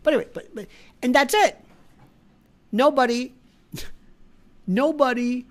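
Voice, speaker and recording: A middle-aged woman hosting an opinionated monologue, sarcastic and animated, mocking others with put-on indignant voices. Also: sits high, slow, long pauses. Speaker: podcast host.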